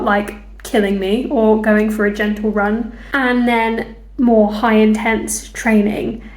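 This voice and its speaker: Woman, young adult, casual vlog, self-deprecating, chatty, slightly high pitch. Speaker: fitness vlogger. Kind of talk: casual vlog chat to camera. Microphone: clip-on lapel mic held in hand.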